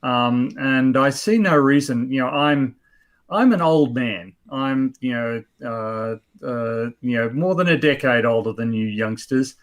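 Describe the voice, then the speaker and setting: A man's voice: medium pitch, measured pace. A man in his fifties hosting a casual chat, blunt and rambling with many fillers. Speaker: host.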